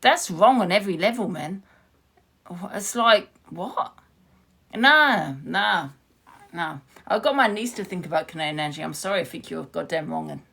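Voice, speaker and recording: Woman, livestreamer, heated rant to viewers, swears freely, gravelly edge, phone mic. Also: lowish voice, lively intonation, moderate pace, bright, forceful tone. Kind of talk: ranting live stream to viewers.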